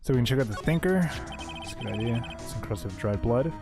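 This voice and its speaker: A man streaming a story game, chatting casually with laughing asides and some swearing while his voice grows strained and hoarse. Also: mid-range voice, expressive, fairly quick. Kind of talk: casual game commentary and read-aloud. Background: game music.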